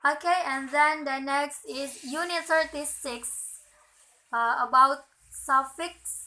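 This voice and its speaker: A young woman, a student with Indonesian as her first language, slowly reading out a lesson on word stress, dotted with "okay" and "uh". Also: high-pitched, bright, forceful tone, low-quality recording. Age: young adult. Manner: slow, careful, filler "okay" and "uh". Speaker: student presenter.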